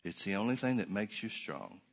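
A man's voice: on the low side, big pitch swings, vocal fry. Emphatic man preaching a sermon. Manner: emphatic, sarcastic preaching with slow stressed repetitions. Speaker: pastor.

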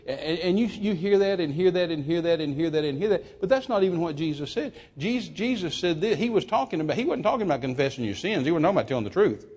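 A man's voice: fairly high pitch, expressive, fast talker, hardly any pauses, a little mellow, breathy edge. A man preaching a sermon, stumbling through repeated restarts and then rising into emphatic quotation.

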